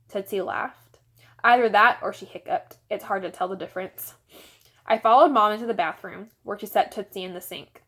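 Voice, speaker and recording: Brief: woman teacher reading aloud, animated and sing-song. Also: medium pitch, normal speed. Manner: expressive, animated storytelling. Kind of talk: reading a children's novel aloud.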